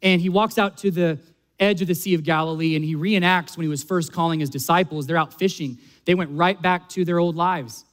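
A man's voice: on the high side, fairly even intonation, brisk, a bit bright. A man preaching a sermon, earnest and building to emphatic peaks. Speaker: pastor.

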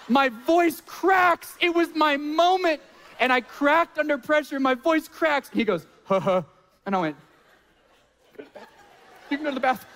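A male pastor preaching a sermon, telling a self-mocking personal story in an animated way. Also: high-pitched. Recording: long hall reverb.

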